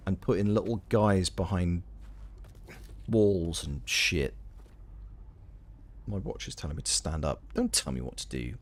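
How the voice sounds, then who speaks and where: Chatty Welsh man streaming a game. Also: fairly low pitch. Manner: chatty, reads and answers chat, playful tangents. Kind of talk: casual live gameplay commentary.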